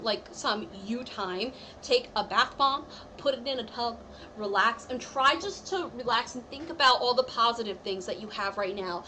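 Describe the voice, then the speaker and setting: Woman tarot reader on a live stream, chatty and reassuring, voice a little high, light hiss on the audio. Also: bright, forceful tone, rough recording. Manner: chatty, reassuring, full of "like" and "I feel like".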